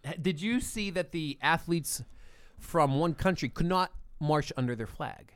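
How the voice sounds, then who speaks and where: A man's voice: on the high side, a little slow, clear, resonant tone, dry recording. A man co-hosting a casual comedy podcast, trading crude, teasing banter with his friend. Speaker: podcast co-host. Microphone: headphones and computer mic.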